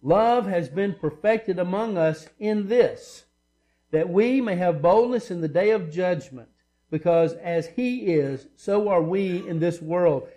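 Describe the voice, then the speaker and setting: Male pastor, higher-pitched, emphatic sermon delivery with conversational asides. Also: slow pace, mellow. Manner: emphatic, repetitive preaching with asides.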